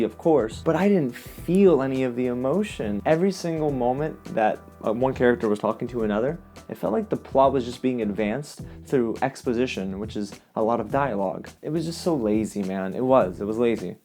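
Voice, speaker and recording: A man giving a casual, expressive movie review as host, often exasperated. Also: mid-range voice.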